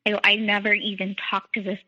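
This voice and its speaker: A young woman, guesting on a podcast, tells her own story in a fairly quick, monotone mid-range voice with a sharp tone. Her telling is full of "like" and quoted dialogue from others. It's a dull lo-fi recording made in a large hall.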